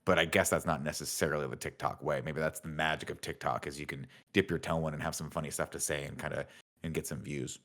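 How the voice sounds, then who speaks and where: A man's voice: rumbling low, little pitch movement, fast talker, a bit bright. A man co-hosting a podcast in casual chat, rambling and swearing, laughing often. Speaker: podcast co-host.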